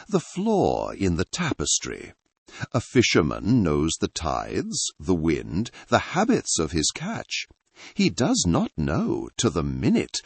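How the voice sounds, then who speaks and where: A cool, sharp-minded detective, read by a man in an audiobook, laying out deductions in clipped pronouncements. The voice sits low and swoops widely up and down, slow and a little husky. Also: dry recording, exaggerated voice. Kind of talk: audiobook reading.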